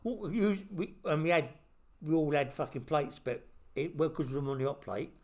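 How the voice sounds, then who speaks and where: A man's voice: on the high side, normal speed. Swearing man telling stories. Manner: blunt, swearing, animated storyteller. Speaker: podcast host. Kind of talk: casual storytelling chat.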